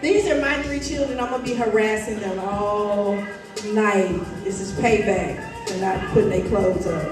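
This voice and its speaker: A woman's voice: medium pitch, moderate pace. A woman hosting a school poetry slam, teasing and rallying the crowd with a preacher's flair. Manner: playful, teasing, calls on the crowd. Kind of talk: lively emcee banter with a preacher's flair. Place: school auditorium. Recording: echoey hall from far off, music behind.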